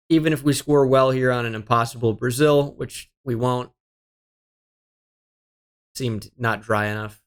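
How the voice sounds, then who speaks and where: A young gaming streamer with a medium-pitched voice casually narrates a geography guessing game as he plays. He mutters his guesses and curses his luck, sounding exasperated and self-deprecating.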